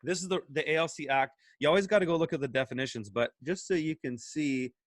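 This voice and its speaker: A man and farmer, talking in an animated, excited way, full of restarts and emphatic questions. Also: a little high, quick pace, no echo. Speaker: guest, urban farmer. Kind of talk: animated casual discussion.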